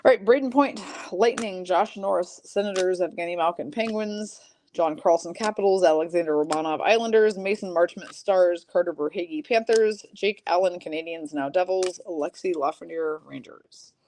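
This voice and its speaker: A woman hosting a live card break, rattling off player and team names and chatting casually with viewers between pulls, clearing her throat now and then. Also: on the low side, moderate pace, a little mellow, slight background noise.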